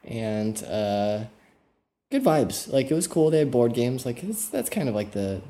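A man's voice: medium pitch, big pitch swings, measured pace, mellow. A man co-hosting a podcast, telling stories in a loose, rambling way with lots of filler words. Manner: rambling, easygoing, filler-heavy storytelling. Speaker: podcast co-host. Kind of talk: casual chat.

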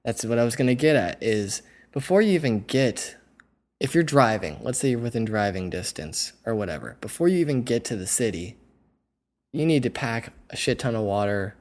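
A man's voice: mid-range voice, animated, normal speed. A young man hosting a podcast, telling a casual, rambling story full of "like" and "you know.". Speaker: podcast host.

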